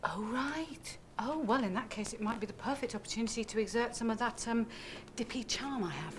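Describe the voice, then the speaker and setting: A woman's voice: on the high side, animated, brisk, background noise, natural voice. An actress playing a woman with a dry, wry way of talking. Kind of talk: TV drama acting.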